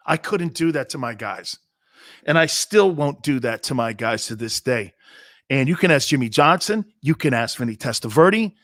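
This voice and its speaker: This is a man in his fifties hosting a sports radio show. He rants about the game in a blunt, heated way, often stops to repeat himself, and speaks a little higher than most men. The recording is dry and close, with no room sound. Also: expressive, unhurried, a bit bright, dry recording. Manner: blunt, fired-up storytelling with frequent repeats and asides. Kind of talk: opinionated talk-show monologue.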